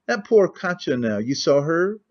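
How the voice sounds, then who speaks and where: A man's voice: fairly high pitch, big pitch swings, a little slow, pitched above the performer's own voice. A man voicing a cynical, talkative middle-aged nobleman who rambles with languid candor, on a muffled lo-fi recording.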